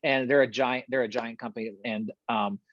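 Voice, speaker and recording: A middle-aged man, a guest in a casual podcast interview, telling stories with energy, often repeating words and laughing quickly. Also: medium pitch, no echo, dull audio. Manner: animated storyteller, repeats himself, quick laughs.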